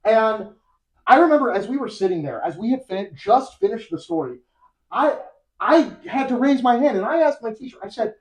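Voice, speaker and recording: Animated young podcast host, laughing a lot. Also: medium pitch, normal speed, rough recording. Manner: animated, laughs often, rambling. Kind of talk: casual chat retelling a story.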